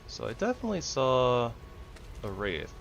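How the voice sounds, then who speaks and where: A man's voice: medium pitch, wildly swooping pitch, moderate pace, gravelly, muffled recording, slight background noise. A young man chatting casually and rambling while he plays a game, chuckling often. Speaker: gaming streamer. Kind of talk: casual gameplay chat.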